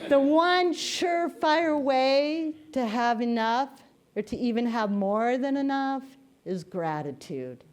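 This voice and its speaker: A woman's voice: fairly high pitch, darkish tone. A woman minister giving a sermon in a conversational, storytelling manner.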